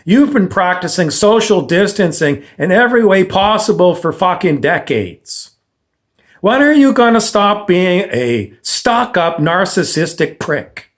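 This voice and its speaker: A man lectures in a blunt, confrontational monologue and swears freely. His voice sits somewhat high for a man. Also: sing-song, a little slow. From Canada. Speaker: self-help speaker.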